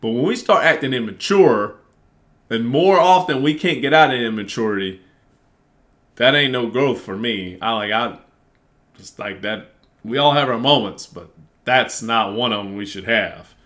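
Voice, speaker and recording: A man venting to the camera in a casual monologue, cursing freely and acting out both sides of an argument in an animated way. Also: medium pitch, moderate pace. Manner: animated, profane, reenacts arguments. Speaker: vlogger.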